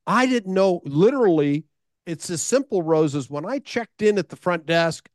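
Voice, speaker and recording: A man's voice: high-pitched, animated, normal speed, no echo, clean studio sound. A middle-aged American man, a sales speaker, telling stories in a conversation with repeated words and rhetorical questions. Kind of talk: storytelling in a conversation.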